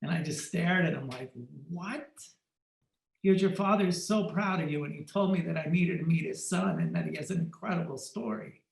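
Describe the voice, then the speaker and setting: Podcast guest, male, high voice, roomy echo; animated storyteller who voices every character in the tale. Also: a little fast, gravelly, few pauses. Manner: acts out quoted dialogue in lively shifting tones. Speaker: podcast guest, fashion photographer.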